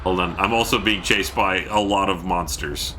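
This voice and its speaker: A man's voice: deep voice, fairly even intonation, moderate pace, background noise. A man chatting casually through a gameplay stream from home, keeping his voice down, thanking viewers and letting out sudden yelps.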